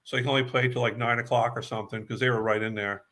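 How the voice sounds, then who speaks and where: A man's voice: mid-range voice, fairly even intonation, very fast, pushed and bright, slight background noise. An older man from New York, a guest musician, telling long stories in a rambling way and repeating words as he remembers. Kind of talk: casual storytelling interview.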